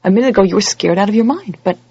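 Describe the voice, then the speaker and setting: Gravelly-voiced woman giving a lively lecture. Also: very fast, no echo. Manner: animated, acts out quoted voices with big pitch jumps. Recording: dull lo-fi audio recording.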